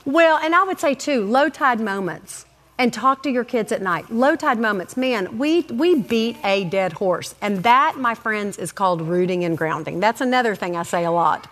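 Animated middle-aged woman telling stories. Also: on the high side, moderate pace, big-room sound. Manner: animated, acts out quoted voices, lots of asides. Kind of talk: casual faith-based storytelling.

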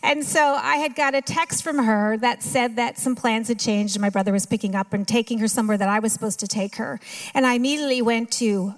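A woman's voice: on the high side, steady tone, fast. A woman in her fifties with a Minnesotan accent, giving a personal testimony to a recovery group in a conversational, self-deprecating way.

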